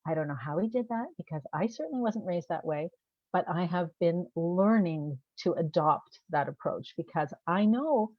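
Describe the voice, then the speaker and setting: A woman's voice: fairly low pitch, lively intonation, normal speed, dry recording. A woman coach talking casually to the camera, posing rhetorical questions and laughing at herself. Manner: conversational, asks rhetorical questions. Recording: dull, dry sound.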